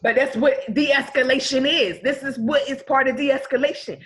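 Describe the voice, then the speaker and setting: A woman co-hosting a casual podcast chat, talking in an animated way and acting out scenarios as she speaks. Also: high-pitched, moderate pace. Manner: animated, acts out scenarios in speech. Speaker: podcast co-host.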